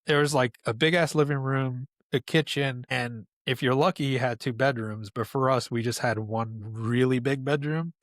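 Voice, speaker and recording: A man, a podcast guest telling a childhood story in a casual, animated way and laughing often. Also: mid-range voice, moderate pace, few pauses, no room sound, clean studio sound. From New York, USA.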